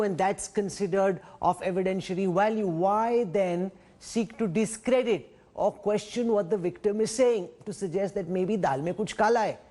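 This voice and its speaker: A high-pitched man anchors a televised news debate. He presses his guests with pointed questions and breaks in firmly when the panel starts talking over each other. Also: a little mellow. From India. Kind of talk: moderating a TV debate.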